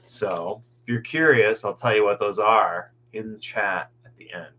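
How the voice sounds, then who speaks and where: A man's voice: on the low side, measured pace, bright, forceful tone, muffled recording. A man hosting a meditation group from home on a video call, rambling casually and greeting people by name.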